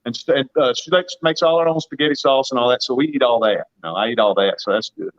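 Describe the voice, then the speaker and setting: A man's voice: mid-range voice, fast talker, muffled recording. A man in his fifties with a Southern US accent, a guest farmer telling folksy stories with a laugh in a casual livestream chat over a video call. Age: 50s. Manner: folksy storytelling, laughs often.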